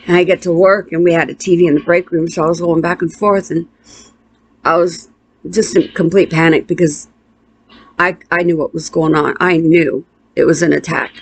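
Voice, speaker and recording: A middle-aged woman tells a painful personal story, halting and emotional, with restarts and pauses. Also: on the low side, steady tone, breathy edge. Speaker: interviewee.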